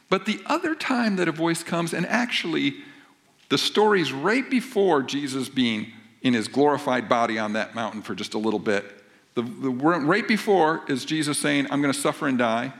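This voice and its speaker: A man's voice: medium pitch, lively intonation, moderate pace, a bit bright. A man who is a pastor, preaching a sermon and reading scripture aloud before explaining it in a conversational, emphatic way.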